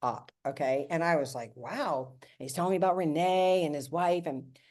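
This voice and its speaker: On a team call, a network marketing team leader in her fifties shares her story in a chatty, lively way, acting out quotes and addressing her listeners directly. Her voice sits low and she talks fairly quickly.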